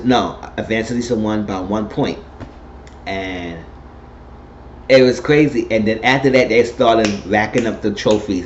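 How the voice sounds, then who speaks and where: A man giving a casual, animated spoken recap of a TV episode, retelling scenes and quoting the characters. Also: lowish voice. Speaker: TV recap host. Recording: dull lo-fi recording with faint noise.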